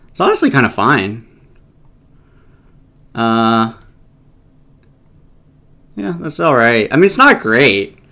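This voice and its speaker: A man's voice: medium pitch, vocal fry, sharp tone. A man giving casual, rambling live commentary while playing a competitive game, thinking aloud and swearing often out of exasperation.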